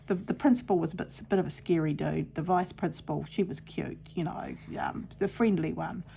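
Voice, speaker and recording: A middle-aged woman, chatting and rambling through a childhood story as she sews, with lots of fillers and soft asides. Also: low-pitched, a little fast, creaky, a little hiss or hum. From New Zealand. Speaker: craft vlogger. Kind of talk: casual storytelling while sewing.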